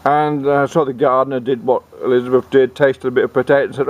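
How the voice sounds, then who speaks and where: A man's voice: medium pitch, little pitch movement, fast. A man telling a comic tall tale in a rambling way, often repeating words. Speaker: storyteller. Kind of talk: comic storytelling.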